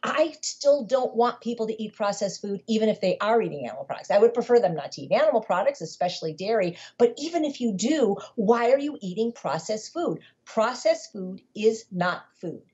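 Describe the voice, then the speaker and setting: A woman's voice: a little high, lively intonation, fairly quick, few pauses, warm tone, breathy edge. A woman speaking as a podcast guest, telling her story in an emphatic, conversational way and often repeating words as she builds a point. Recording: dull lo-fi podcast audio.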